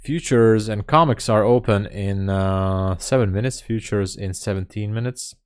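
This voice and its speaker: A man hosting a live day trading stream, talking casually and reading chat messages aloud as he thinks out loud. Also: on the low side, normal speed, smooth. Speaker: day trading livestream host.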